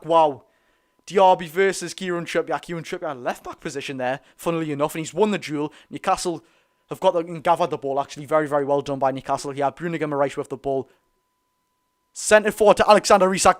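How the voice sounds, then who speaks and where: A man with a Geordie accent giving excited, rapid live football commentary as host of a fan watch-along, cheering his side on. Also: a little high. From North East England. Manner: talks very fast; animated, cheers players on.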